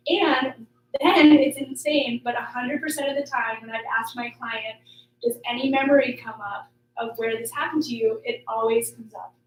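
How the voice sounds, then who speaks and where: A woman's voice: on the high side, recorded from a distance. A woman life coach hosting a small workshop group, talking in a chatty, upbeat way with many fillers. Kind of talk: casual group workshop talk. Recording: echoey room, voice from off-mic.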